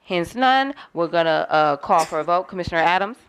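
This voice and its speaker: A woman's voice: lowish voice, animated, a little fast, clear, resonant tone. A woman chairing a community meeting in a businesslike manner, calling motions and a roll-call vote.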